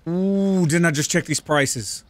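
A man's voice: on the high side, measured pace, no echo. A man giving casual, profane let's-play commentary, joking and bantering with the shoppers in a store game. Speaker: gaming channel host.

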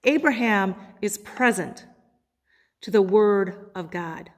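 A woman pastor preaching a sermon, quoting scripture with dramatic pauses. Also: mid-range voice, expressive. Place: church sanctuary. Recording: long hall reverb.

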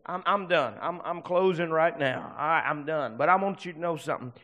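A pastor preaches with fervent swings between loud bursts and hushed asides. His voice sits a little high for a man. The tone is bright and forceful throughout. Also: normal speed, lo-fi sound. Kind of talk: sermon.

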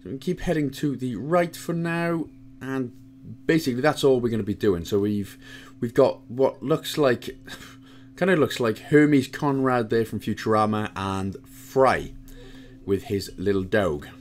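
A man from Wales giving casual, joke-filled commentary as he walks through a video game guide. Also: unhurried. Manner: chatty, jokey asides, lively pitch swings.

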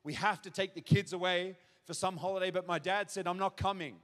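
Fairly quick and fairly even in intonation, this high-pitched Australian man preaches his testimony as a pastor to a church crowd. In a large auditorium with long hall reverb, he storytells vividly and acts out a child's shouted cries.

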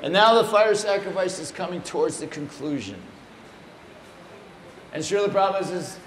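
Animated male storyteller in an echoey room. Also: high voice, moderate pace, pauses often. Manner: animated, playful anecdotes with acted quotes. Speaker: speaker at a temple. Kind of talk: humorous storytelling talk. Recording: echoey room, faint noise.

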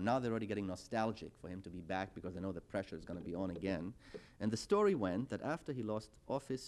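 A man's voice: lowish voice, a little mellow. A middle-aged man giving a university lecture with a wry, anecdotal manner and storytelling asides.

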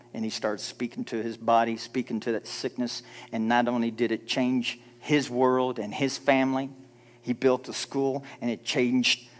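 A pastor preaching a church sermon, urging his listeners with emphatic rhetorical questions and acting out quoted people in mock voices. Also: medium pitch.

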